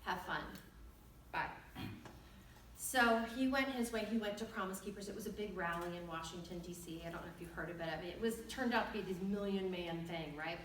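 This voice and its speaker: Bright-voiced woman telling her testimony. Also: on the low side, quick pace, hardly any pauses, slight background noise. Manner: animated storytelling, acting out dialogue. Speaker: women's ministry speaker. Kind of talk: personal testimony talk. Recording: echoey hall, distant mic.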